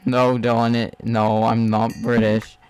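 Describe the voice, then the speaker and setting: A man co-playing a game, talking slowly and dryly in casual chat. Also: medium pitch, level tone, darkish tone, clean tone, rough recording. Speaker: co-player.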